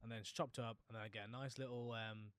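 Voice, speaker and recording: A man co-hosting a podcast in casual chat, relaxed and quick to chime in with agreement. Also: medium pitch, clear, resonant tone, dry recording, clean studio sound. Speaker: podcast co-host.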